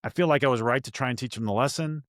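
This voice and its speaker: A man of middle pitch speaks in a casual, self-questioning way, often restarting his sentences as he works through a memory. The sound is dry and close, with no room echo. He is a podcast host sharing his own story with a guest. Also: very fast, fairly bright tone. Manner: candid, self-reflective, many restarts.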